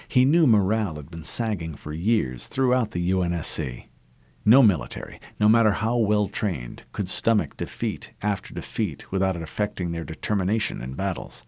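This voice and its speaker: Low-voiced male audiobook narrator. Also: big pitch swings, a little fast, a little mellow, no echo, lo-fi sound. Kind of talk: scripted narration.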